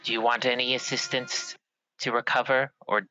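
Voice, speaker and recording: A man voicing a clawed female warrior for a tabletop game, speaking in a formal, courteous, measured way. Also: mid-range voice, flat delivery, bright, forceful tone, muffled recording, soft background music, natural voice.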